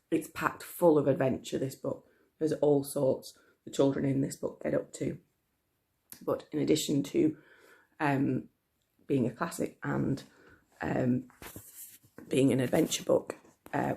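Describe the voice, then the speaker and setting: A hoarse teacher, chatty and apologetic, coughing now and then, reading a classic novel aloud to pupils online. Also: mid-range voice, darkish tone. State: hoarse, frog in the throat. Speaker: primary school teacher.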